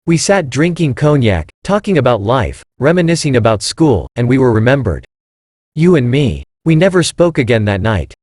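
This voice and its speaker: A man narrating a scripted first-person story in an even, unhurried reading manner. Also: medium pitch, no room sound, studio quality.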